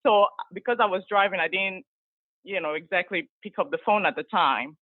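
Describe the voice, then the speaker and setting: Woman co-host on a thin, phone-like line, chatty and animated, dry. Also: mid-range voice, normal speed, no echo. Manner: animated retelling with laughs. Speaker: podcast co-host. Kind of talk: casual storytelling chat. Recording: tinny phone-like call line.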